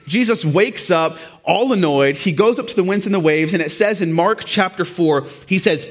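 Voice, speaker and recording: A man's voice: sits high, normal speed, few pauses, fairly bright tone. A young man preaching a sermon, casual and self-deprecating at first, building to fervent emphasis.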